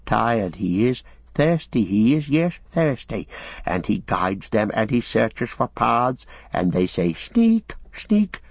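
A man's voice: medium pitch, sing-song, slow pace, creaky, slightly rough, no echo, heavily acted. A man voicing a sly, wretched, shrunken creature who hisses and whines in sing-song repetitions, on a dull lo-fi recording. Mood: hissing, aggrieved.

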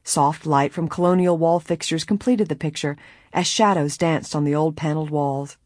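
Breathy storybook narrator, steady pace, dead dry room. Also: medium pitch, dry recording. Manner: measured storytelling, voicing each character. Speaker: audiobook reader. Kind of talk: scripted narration.

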